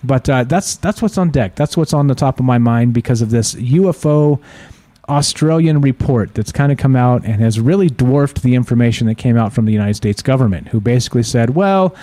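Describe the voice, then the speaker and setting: A man's voice: mid-range voice, fairly quick, mellow, no room sound. Rambling male call-in show host. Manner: rambling, hesitant, chuckling, full of fillers and restarts. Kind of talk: casual call-in show talk.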